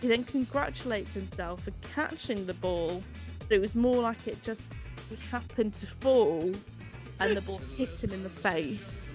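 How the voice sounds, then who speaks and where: A woman's voice: mid-range voice, expressive, measured pace, darkish tone, faint music behind. A woman co-hosting a podcast, retelling scenes in a chatty, wry way with asides. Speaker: podcast co-host. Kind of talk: casual recap chat.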